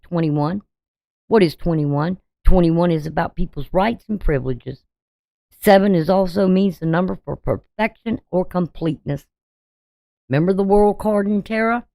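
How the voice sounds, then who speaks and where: Emphatic low-voiced woman astrologer. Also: vocal fry, dark tone, dry recording, studio quality. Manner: emphatic, preachy, full of rhetorical questions. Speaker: astrologer and tarot reader. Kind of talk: astrology forecast talk.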